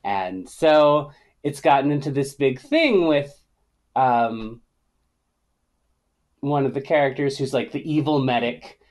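A woman's voice: very deep voice, slow, long pauses. A woman guest on a podcast, telling stories animatedly in a casual chat and often laughing. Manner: animated storytelling with frequent laughs. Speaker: podcast guest, writer and storyteller.

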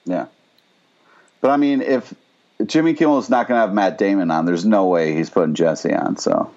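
Blunt, swearing man with a low voice. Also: moderate pace, a little mellow. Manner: blunt, swears a lot, heated opinions. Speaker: podcast co-host. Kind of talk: casual TV recap chat. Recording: dull lo-fi sound.

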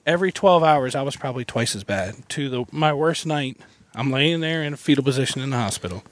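A man's voice: medium pitch, animated, fairly quick, no room sound. Folksy man telling a story. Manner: earnest, folksy, laughs between lines. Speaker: guest. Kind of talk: casual storytelling. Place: parked van.

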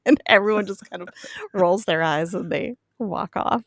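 A woman's voice: mid-range voice, moderate pace, no room sound, studio quality. A woman casually recapping a TV episode on a podcast, laughing often and acting out the characters' lines. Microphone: podcast mic.

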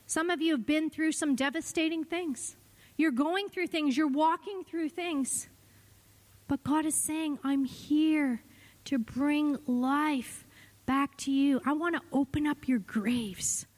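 A middle-aged woman pastor preaches with passion, sometimes falling to a hush and then climbing up high. Her voice sits high, and a long reverb from the church sanctuary trails each phrase. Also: steady tone, takes it slowly. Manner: impassioned preaching, voice swinging between hushed and rising. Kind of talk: sermon.

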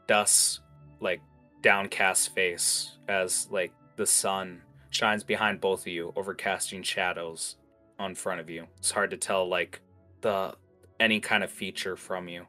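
A man's voice: deep voice, steady tone, unhurried, pushed and bright, faint music behind. A man narrating a tabletop game as game master, talking casually with many fillers.

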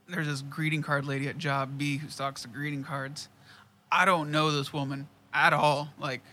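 A man casually tells a profane work story, laughing often and quoting people in lots of dialogue. His delivery is laid-back, and his voice sits on the high side, pushed and bright.

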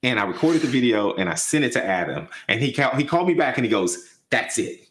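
A man's voice: fast talker, slight background noise. A man in his forties, a YouTube host, telling stories in a casual chat and acting out quotes. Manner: animated, acts out quotes with big pitch jumps. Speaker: guest, YouTube data channel host.

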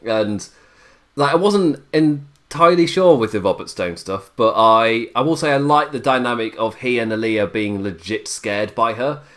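A man's voice: mid-range voice, normal speed, a bit bright. A man co-hosting a casual wrestling chat, talkative and often laughing, stumbling over his words now and then. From Britain. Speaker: podcast co-host.

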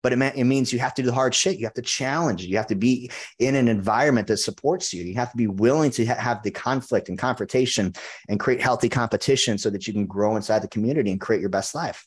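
A man's voice: medium pitch, fast, slightly rough. A man in a podcast interview who tells his story in a blunt, intense way and swears freely. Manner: intense, blunt and frequently profane. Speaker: podcast guest, men's coach. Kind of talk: casual conversational storytelling.

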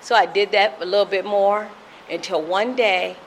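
A woman's voice: mid-range voice, fairly even intonation, normal speed, a little hiss or hum, poor audio. Earnest woman telling her testimony. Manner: earnest, storytelling with acted-out quotes. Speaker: speaker sharing a recovery story. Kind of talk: personal testimony.

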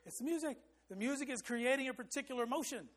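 A man with a fairly high voice delivers a sermon. He speaks emphatically and now and then sings short hymn phrases to demonstrate a rhythm. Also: lively intonation, quick pace. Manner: emphatic, rising for stress. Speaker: preacher.

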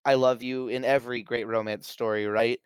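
A man talks excitedly about a film, retelling scene after scene and slipping into little acted-out quotes. His voice is smooth and resonant, at a middle pitch. The sound is dry and close, with no room echo. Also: moderate pace. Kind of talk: casual film discussion.

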